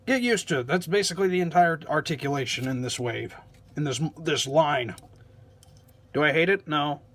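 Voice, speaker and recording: Male toy vlogger, slightly high-pitched, offhand sarcastic delivery with self-deprecating asides. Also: animated, normal speed, fairly bright tone. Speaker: toy reviewer. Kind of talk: casual toy review vlog.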